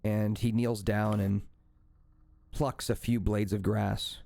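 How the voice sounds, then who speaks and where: A man's voice: lowish voice, little pitch movement, slow pace, gravelly, mellow. A man running a tabletop game as dungeon master, narrating casually with many fillers and self-corrections.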